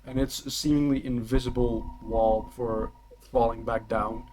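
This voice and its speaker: A man's voice: mid-range voice, level tone, normal speed, noisy background. A young man narrating as game master in a casual, rambling way, sometimes poking fun at himself. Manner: casual, rambling, self-deprecating.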